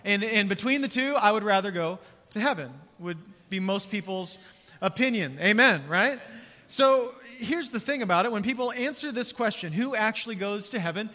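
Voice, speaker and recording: A man preaching to a large congregation in a casual, energetic way, with a high, bright voice. His words ring out with a long church-hall reverb trailing after them. He keeps prompting the crowd to answer back. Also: moderate pace. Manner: energetic, conversational, calls for crowd response. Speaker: pastor. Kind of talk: sermon.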